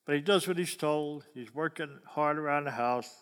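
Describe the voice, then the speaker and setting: A man's voice: on the high side, moderate pace, fairly bright tone, clear, resonant tone. A man preaching a sermon in a folksy way, often asking his listeners questions. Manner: folksy, asks the crowd questions. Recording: long hall reverb.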